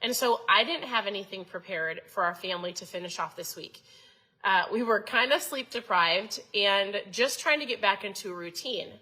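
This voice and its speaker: Female host, 30s, bright voice, chatty motivational coach who asks the audience questions. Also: medium pitch, moderate pace, slightly rough, poor audio. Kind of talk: casual motivational talk to viewers.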